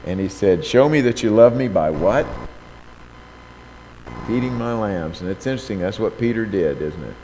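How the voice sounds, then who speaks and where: A man's voice: fairly low pitch, expressive, moderate pace, long pauses. Preacher man asking rhetorical questions. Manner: rhetorical, asks the listener questions; reads scripture aloud with loud raised quotes. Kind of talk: sermon. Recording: long hall reverb, faint background noise.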